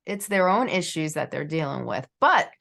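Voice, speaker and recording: A woman's voice: sits low, very animated, normal speed, vocal fry, a bit bright. A middle-aged woman hosting a podcast interview in a casual, rambling way, leaning on "you know" a lot. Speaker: podcast host.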